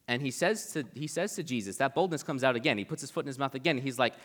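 A young preacher talks through a Bible passage in a loose, conversational way, full of "like" and quick asides. His voice sits at an ordinary middle pitch for a man. A long reverb trails behind him, as in a large hall. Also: a bit bright. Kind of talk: casual Bible teaching.

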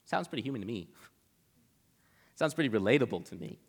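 This young man's casual Bible talk is chatty, peppered with "like," and carries the long reverb of a large hall. His medium-pitched voice is creaky and husky, with a sing-song lilt and a slightly fast delivery.

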